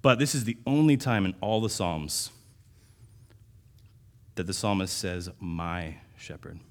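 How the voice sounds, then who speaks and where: Pastor, male, very deep voice; casual sermon delivery, restarts, punchy emphasis. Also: lively intonation, a little slow. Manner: conversational, with restarts and sudden louder emphasis.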